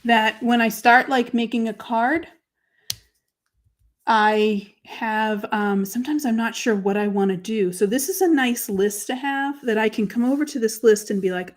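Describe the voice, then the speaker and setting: Woman chatting thru her journaling craft live, answers viewers, goes quiet and mumbly when she's writing. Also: on the high side, unhurried. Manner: chatty, talks through each step as she works; drops to quiet murmurs while writing. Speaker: crafting show host.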